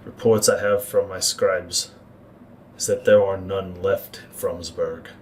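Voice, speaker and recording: A man voicing a scheming male court Maester who speaks in a grave, measured, ominous way. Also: deep voice, fairly even intonation, recorded from a distance, a little hiss or hum, poor audio. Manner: measured, ominous, deliberate pauses.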